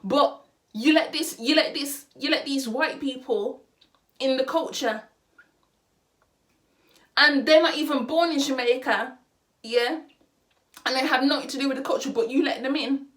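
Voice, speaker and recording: A young woman with a high voice delivers a heated opinion vlog. She hammers her points home by repeating phrases and drops Caribbean and street slang words into her speech as she talks straight to camera. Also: a little slow, long pauses, a bit bright. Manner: impassioned, repeats phrases for emphasis. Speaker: vlogger.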